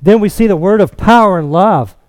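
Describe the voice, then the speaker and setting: A man preaching a sermon, expounding scripture in an emphatic, deliberate way. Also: high-pitched, a little mellow, no room sound. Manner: slow, emphatic expository preaching.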